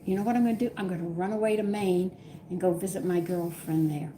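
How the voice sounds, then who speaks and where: Speaking quickly in a lowish, dark, steady voice, an older woman from Texas chats with viewers on her home cooking stream. She tells exasperated tales from home with laughs, and faint background noise can be heard.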